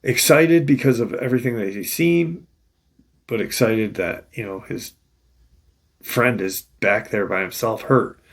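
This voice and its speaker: A man's voice: lowish voice, unhurried. A man host casually retelling an encounter story in a loose, rambling way, full of restarts and "you know".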